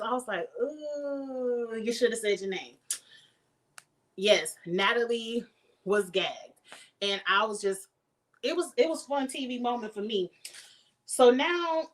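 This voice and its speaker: A woman's voice: fairly high pitch, expressive, slow, poor audio. Woman, casual TV recap host, chatty and playful, sassy asides. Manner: chatty, playful, acts out quotes in sassy voices. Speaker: show reviewer.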